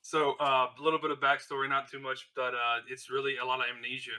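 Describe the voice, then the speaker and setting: A man's voice: medium pitch, flat delivery, fast talker, sharp tone, slight background noise. A man introducing his character as a player, joking and laid-back.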